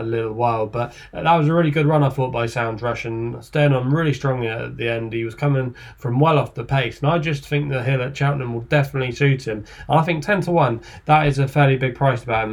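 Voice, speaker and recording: A man hosting a horse racing podcast, running through the odds and turning to his panel for their picks. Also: medium pitch. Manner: measured, asks panel for picks. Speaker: podcast host. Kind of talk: racing tipping podcast chat.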